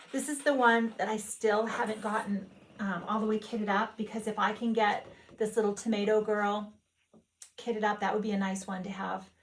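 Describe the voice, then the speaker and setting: A woman's voice: mid-range voice, echoey room. A woman hosting a stitching vlog, chatting casually and rambling, often breaking off and restarting her sentences. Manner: rambling, warm-hearted, self-interrupting. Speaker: flosstube host. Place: home room, hard laminate floor.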